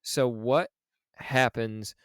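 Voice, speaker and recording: A man co-hosting a podcast, talking through a film in a loose, casual way. He speaks slowly, with a low-leaning and very clear voice. He drops swear words freely, and the sound is dry and close. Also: no room sound. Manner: relaxed, swears freely, acts out quoted lines. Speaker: podcast co-host.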